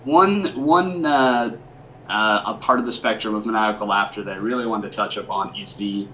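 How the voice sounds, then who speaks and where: A man's voice: fairly low pitch, moderate pace, sharp tone, slight background noise. Easygoing man with a muffled sound. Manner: easygoing, hesitant with fillers. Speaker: podcast co-host. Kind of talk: casual chat.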